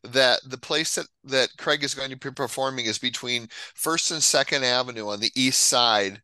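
Male podcast host, bright forceful tone, dry close sound, laid-back and joking. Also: medium pitch, moderate pace, clean tone, no room sound, low-quality recording. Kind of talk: casual chat.

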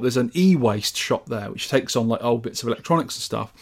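This British podcast host talks a little fast at a medium pitch. The conversation is casual, and he's chatty and eager, wandering off and restarting as he goes.

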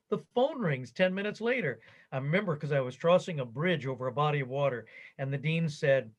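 An older man, the interviewee, recounting his career story in a conversation, animated and quoting others as he goes. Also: a little high, a little fast, low-quality recording.

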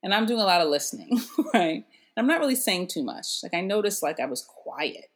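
A middle-aged woman telling her story in a casual interview, animated and laughing often as she acts out what others said. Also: mid-range voice, a little fast. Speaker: interview guest.

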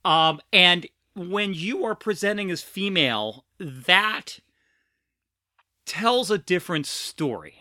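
A woman's voice: lowish voice, lively intonation, slow pace, bright, forceful tone, dry recording. A trans woman hosting a podcast in casual, scatterbrained, self-mocking chat. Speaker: podcast host.

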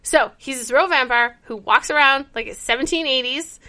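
A woman co-hosting a casual chat, retelling a TV episode with lively storytelling and acted-out quotes. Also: sits high, moderate pace. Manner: animated storytelling, acts out character quotes. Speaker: podcast co-host.

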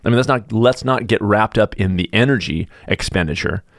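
A middle-aged man hosting a podcast, delivering an animated casual monologue, full of restarts, and mocking others in sudden high voices. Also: brisk, no echo, studio quality. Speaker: podcast host.

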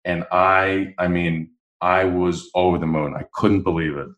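Deep-voiced man telling stories, roomy sound. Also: unhurried. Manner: animated, acts out quoted dialogue. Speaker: podcast guest. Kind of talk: casual storytelling interview. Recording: roomy echo.

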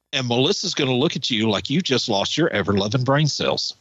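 Man, animated pitch, emphatic podcast talk, dry slightly dull sound. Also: brisk, husky, dry recording. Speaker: podcast co-host. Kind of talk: casual chat.

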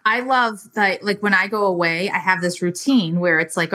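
Woman podcast host, enthusiastic casual talker, bright tone. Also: mid-range voice, lively intonation, normal speed, few pauses. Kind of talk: casual chat.

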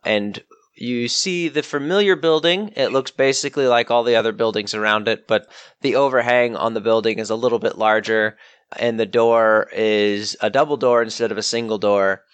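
Relaxed game master, dry close voice. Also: male voice, mid-range voice, normal speed, clear, resonant tone, no echo. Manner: relaxed, rambling, self-correcting narration. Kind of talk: narrating a tabletop game.

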